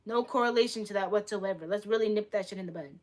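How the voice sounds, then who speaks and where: A woman's voice: medium pitch, fast, darkish tone. A young woman livestreaming, reacting in a heated, profane rant and repeating herself, in casual live-stream talk.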